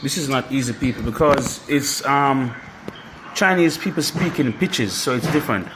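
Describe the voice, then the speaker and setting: A man's voice: medium pitch, normal speed, noisy background. A man talking casually to his camera as a vlogger and musician, rambling and filling his talk with "you know". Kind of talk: casual vlog chat.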